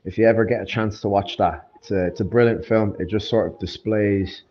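Low-voiced man, laid-back banter. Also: steady tone, a little fast. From Ireland. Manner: laid-back banter, laughs easily, repeats words as he restarts. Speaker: MMA fighter, podcast guest. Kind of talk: casual podcast chat. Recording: dull lo-fi sound with faint noise.

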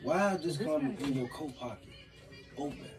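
A man's voice: a little high, moderate pace, recorded from a distance, over music. An angry man, confronting his wife in a heated argument and cursing often. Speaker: husband in a prank video.

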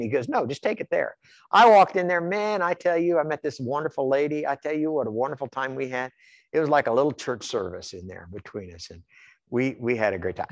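A man preaching a sermon from Iowa, telling folksy stories in an animated way and often repeating his words. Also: medium pitch, no echo. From Iowa, USA. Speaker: pastor. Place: church sanctuary.

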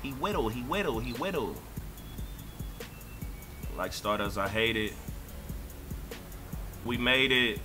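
A young man giving profane, excitable live commentary while playing a video game, ranting and breaking into sudden shouts. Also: mid-range voice, slow pace, long pauses, music in the background. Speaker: gaming streamer.

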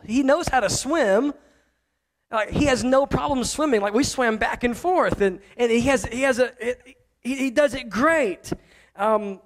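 A man in his thirties, a pastor, preaching in a loose, conversational way, telling self-mocking family stories and acting out the dialogue. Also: high voice. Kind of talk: storytelling sermon.

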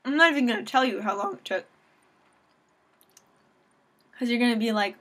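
A young woman from Southern California rants into her webcam at home, her voice sitting a bit high. She sounds sarcastic and self-deprecating as she vents in a loose, casual way. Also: lively intonation, normal speed, pauses often, pushed and bright. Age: young adult. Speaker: vlogger.

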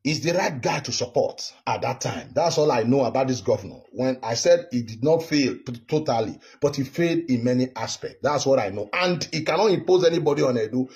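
A man's voice: mid-range voice, lively intonation, a little fast, hardly any pauses, darkish tone. A Nigerian man in his fifties from Edo State, delivering an indignant political rant straight to camera. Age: 50s. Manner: heated, indignant, repetitive. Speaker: political commentary vlogger. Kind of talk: direct-to-camera political monologue.

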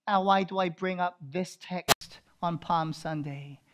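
A male pastor preaching a sermon, swinging from loud proclaiming to hushed intensity and repeating phrases for emphasis. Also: high voice, unhurried, slight background noise.

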